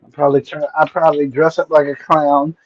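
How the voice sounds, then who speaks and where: A man in casual stream chat who talks haltingly and gropes for his words. His voice sits at a middling pitch. The recording is dull and lo-fi. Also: little pitch movement. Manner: hesitant, searches for words. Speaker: streamer co-host.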